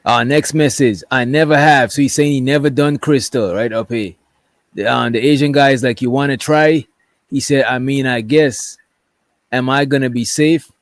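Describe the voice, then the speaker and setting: A man's voice: mid-range voice, fairly even intonation, normal speed, no echo. A man doing casual livestream commentary, reading text messages aloud in a rambling way and often checking in with "right?". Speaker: commentary streamer.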